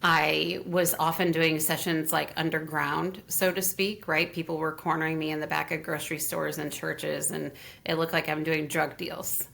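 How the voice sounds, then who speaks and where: Woman guest spinning a long story, kinda low and gravelly, animated, laughs a lot. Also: moderate pace. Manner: animated, laughs often, acts out what others said. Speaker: interview guest, Reiki teacher. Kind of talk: casual storytelling in conversation.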